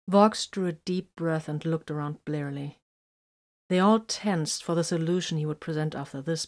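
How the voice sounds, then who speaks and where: Brief: woman narrator, somewhat low voice, measured and softly dramatic story reading. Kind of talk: storybook reading of fan fiction.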